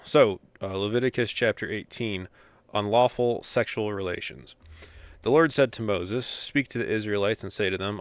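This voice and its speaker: A man's voice: fairly low pitch, a bit bright, clear, resonant tone, no echo. A young man hosting a daily Bible podcast, chatting casually with fillers and then reading scripture aloud steadily.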